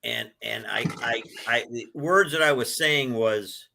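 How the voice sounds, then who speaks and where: A man in his sixties, a book author, telling his life story in an interview, with an animated delivery that swells when he is moved. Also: medium pitch, a little slow, creaky, hardly any pauses. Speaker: author guest.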